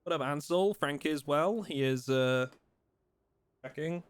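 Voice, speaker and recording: While streaming a video game, a man chats casually with his audience, complaining in playful mock outrage and using a soft voice when he talks to his dog. He sounds on the high side and a little slow, with a clean tone and dry recording.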